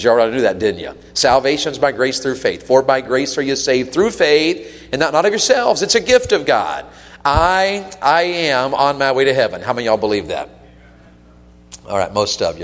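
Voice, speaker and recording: A man preaching in a church sanctuary, his voice carrying a long reverb through the hall. He talks earnestly, putting questions to the congregation and rising to emphatic peaks. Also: mid-range voice. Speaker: visiting preacher. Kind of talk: sermon.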